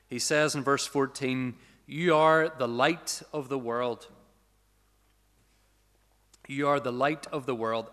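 A man preaching a sermon as pastor, earnest and emphatic, slowing down and lifting his voice to stress key points. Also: medium pitch, fairly bright tone. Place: church sanctuary. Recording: long church reverb.

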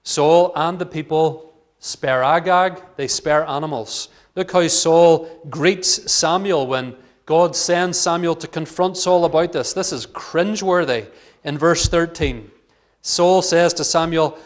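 A man delivers an earnest expository sermon from the pulpit. His voice sits a little high for a man. He reads scripture aloud and brings its dialogue to life with rising emphasis. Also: slow pace. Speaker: preacher.

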